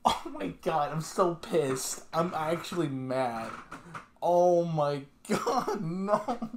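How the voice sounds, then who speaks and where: Brief: male anime reactor, exasperated, curses freely, unhurried delivery with muttered asides. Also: on the high side, lively intonation, a little hiss or hum. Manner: exasperated, swears a lot, repeats himself; drops into muttered whispers. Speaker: anime reaction channel host. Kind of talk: casual reaction commentary.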